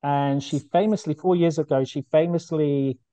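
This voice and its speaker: A man's voice: a little high, fairly even intonation, normal speed, dark tone, no echo. A man, a charity founder, telling his story earnestly and with feeling in a podcast interview, often restarting his sentences. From United Kingdom.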